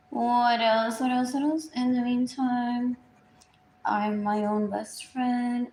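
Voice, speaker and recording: A woman's voice: fairly low pitch, vocal fry, a little mellow, slight background noise. A woman, rambling through a live stream, repetitive and drifting, often trailing off into murmurs. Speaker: livestreamer. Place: indoors at home. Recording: roomy echo.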